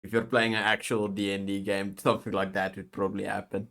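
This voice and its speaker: A man's voice: lowish voice, little pitch movement, fast, creaky, a bit bright. A man co-hosting a podcast, chatting casually and dropping dry wisecracks. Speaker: podcast co-host. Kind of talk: casual review chat.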